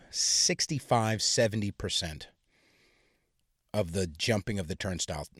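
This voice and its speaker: In a husky, lowish voice, a young adult man on his own podcast delivers a heated, vulgar solo rant meant to be funny. It's a dry recording of studio quality.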